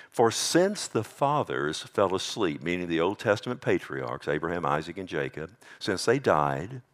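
In a church sanctuary, a middle-aged pastor preaches with animated energy. He mocks the scoffers in a higher-pitched voice, then drops low for quiet warnings.

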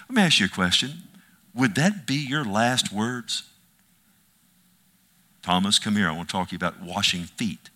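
A man's voice: fairly low pitch, animated, moderate pace, pauses often, bright, forceful tone. A man preaching a sermon as pastor, with emphatic delivery and frequent rhetorical questions to the congregation.

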